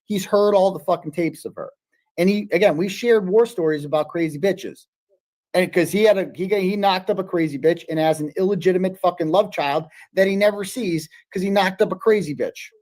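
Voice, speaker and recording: A man's voice: high voice, brisk, a little mellow. A man hosting a live stream, mocking what he hears in profane, sarcastic casual commentary. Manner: mocking, sarcastic, swears a lot.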